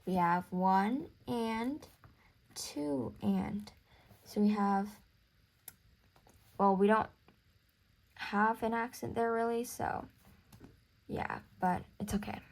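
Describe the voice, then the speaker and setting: A woman's voice: mid-range voice, a little mellow. A young woman teaching a music theory lesson, counting beats aloud and apologizing for small slips.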